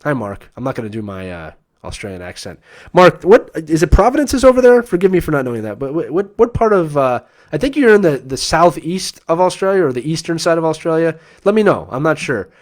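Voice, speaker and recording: A man's voice: a little high, very animated, brisk. A middle-aged man, a former hockey player and coach, hosting a live-stream Q&A in an emphatic coaching tone and often checking in with "right?".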